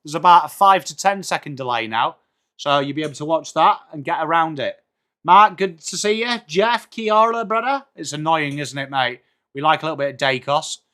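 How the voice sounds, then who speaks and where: A man with an English accent hosts a live football watchalong, chatting away to his viewers. He greets them by name and throws in jokes as he goes, his voice sitting slightly high for a man. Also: expressive, moderate pace, pushed and bright. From England. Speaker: streamer hosting a football watchalong. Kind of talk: casual live-stream chat reading out viewer comments.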